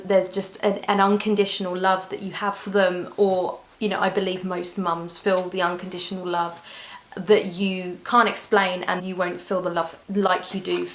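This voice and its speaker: A young woman chatting candidly to camera as a vlogger, often restarting her sentences. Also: medium pitch. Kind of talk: casual chat to camera. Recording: echoey room.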